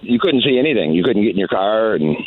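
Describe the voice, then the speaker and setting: A man's voice: lowish voice, lively intonation, quick pace, a little hiss or hum. A man from North Texas calling into a radio show, telling his story in a hesitant, plain way. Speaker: caller. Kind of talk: phone-in call. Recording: tinny phone line.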